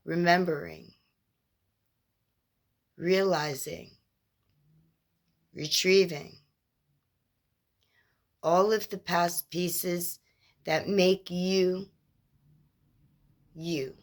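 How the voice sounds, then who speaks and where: Slow, low-voiced woman spiritual mentor. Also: steady tone. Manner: slow, measured, drawn-out phrasing with lists of words; gentle, reassuring. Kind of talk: inspirational monologue.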